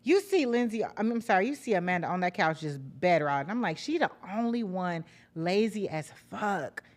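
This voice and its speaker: A woman's voice: medium pitch, animated, normal speed. A young woman hosting a casual reality-TV recap, blunt, profane and sarcastic in her commentary. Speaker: podcast host recapping reality TV.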